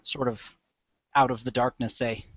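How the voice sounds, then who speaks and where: A man playing in a tabletop game, speaking softly and hesitantly. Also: mid-range voice, fairly even intonation, moderate pace, husky, highs cut off. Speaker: player.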